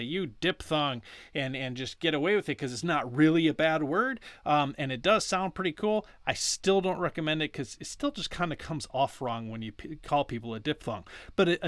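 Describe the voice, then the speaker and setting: A man's voice: on the high side, fairly bright tone, no echo. Guy teaching pronunciation, chatty, keeps restarting sentences, drags out the sounds to demo them, dry close mic. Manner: chatty, self-correcting, drawing out sounds slowly to demonstrate. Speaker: language teacher. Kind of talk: casual instructional explanation.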